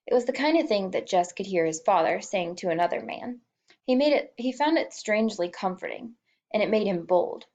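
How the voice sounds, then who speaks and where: A woman reads a children's novel aloud in a mid-pitched voice, with feeling and small shifts for each character. The recording sounds a little dull and lo-fi, like a simple home setup. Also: moderate pace, a little mellow. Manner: emotive, voices the characters lightly. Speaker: audiobook reader.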